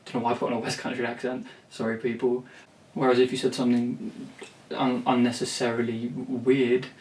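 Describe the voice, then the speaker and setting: A man's voice: medium pitch, completely flat delivery, normal speed, a little mellow, slight background noise. A man rambling to camera about songwriting, blunt and swearing freely, with many restarts. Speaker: songwriter and vlogger. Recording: roomy, distant from the mic, faint ambience.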